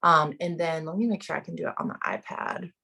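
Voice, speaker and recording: A woman's voice: low-pitched, steady tone, brisk, vocal fry, sharp tone, rough recording. A woman co-hosting a casual chat, upbeat and organizing the recording. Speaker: co-host and producer.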